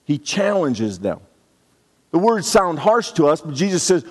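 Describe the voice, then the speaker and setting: A man delivers a sermon in an easy, reflective manner, slipping briefly into acted quotes. He speaks at a slow, deliberate pace with a somewhat high voice. A long reverb trails after his words. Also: big pitch swings. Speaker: pastor.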